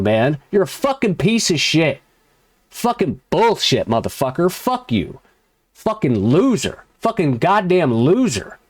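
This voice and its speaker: A man with a notably high voice tears into someone in a heated commentary rant. He curses constantly and mixes furious outbursts with sarcastic mockery. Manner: heated, cursing, sarcastic mocking. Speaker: commentary channel host. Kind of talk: angry profane rant.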